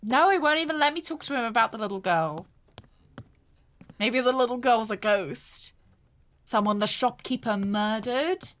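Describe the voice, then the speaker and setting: A woman's voice: a little high, expressive, moderate pace, a bit bright. A woman streamer giving casual let's-play commentary, wry and joking, laughing often.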